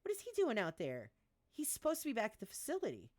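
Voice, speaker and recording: A woman's voice: fairly high pitch, wildly swooping pitch, fast talker, darkish tone, pitched above the performer's own voice. A woman reading out a nervous, easily scared young man who asks his questions in a jumpy, raised voice. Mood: alarmed.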